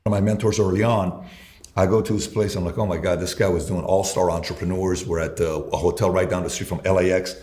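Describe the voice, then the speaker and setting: A man's voice: sits low, fairly even intonation, fast, darkish tone, roomy sound. A man telling an emphatic sales story in conversation, acting out his own dialogue. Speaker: sales mentor guest.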